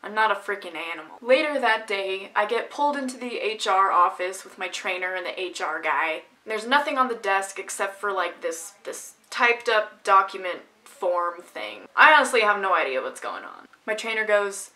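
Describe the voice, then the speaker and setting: A woman's voice: medium pitch, animated, normal speed, hardly any pauses, pushed and bright. A woman vlogger telling a story from her own life in a casual, sarcastic, ranting manner.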